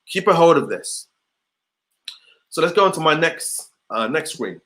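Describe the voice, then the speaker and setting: Energetic man with a high voice. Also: measured pace. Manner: energetic, rhetorical, repeats questions to the audience. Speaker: motivational speaker. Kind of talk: online motivational session.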